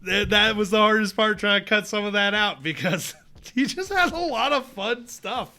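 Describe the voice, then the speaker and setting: Bright-voiced animated male podcast host. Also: sits high, moderate pace. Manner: animated, reads notes aloud, laughs often. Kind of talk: casual chat.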